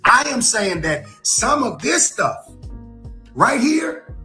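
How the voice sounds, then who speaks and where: A man hosting a podcast, giving earnest, deliberate political commentary. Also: extremely high pitch, very animated, bright, forceful tone, soft background music. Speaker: podcast host.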